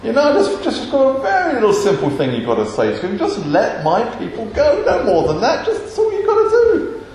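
A man's voice: sits high, flat delivery, brisk, natural voice. A man voicing God as a casual, chatty deity handing out a task, in a sermon. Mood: breezy. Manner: offhand, chatty. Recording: very echoey hall.

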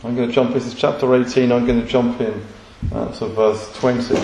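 A man's voice: medium pitch, flat delivery, brisk, darkish tone, very echoey, a little hiss or hum, low-quality recording. A man preaching a sermon, emphatic and full of rhetorical questions.

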